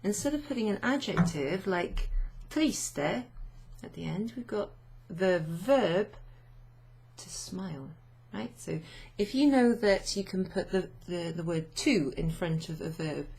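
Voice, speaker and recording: Woman language tutor with a gravelly, low-pitched voice. Slow, thinking-aloud delivery. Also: animated, a little mellow. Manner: unhurried, thinking aloud with many fillers. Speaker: language teacher. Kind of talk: explaining grammar to students.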